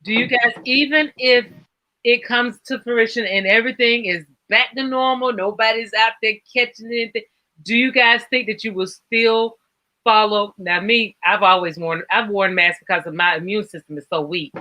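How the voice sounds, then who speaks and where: Woman host asking the group stuff, bright sharp voice, video call. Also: fairly high pitch, normal speed, poor audio. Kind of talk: casual chat.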